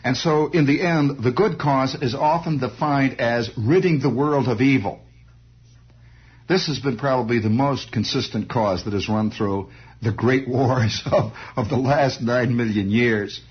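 A man's voice: medium pitch, unhurried, breathy edge. A man telling a rambling comic monologue in a wry storytelling manner, throwing in sound effects. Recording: dull lo-fi recording.

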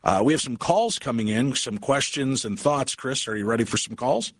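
A man's voice: mid-range voice, expressive, normal speed, no echo, studio quality. A man hosting a late-night radio talk show, steering the talk with guests and callers.

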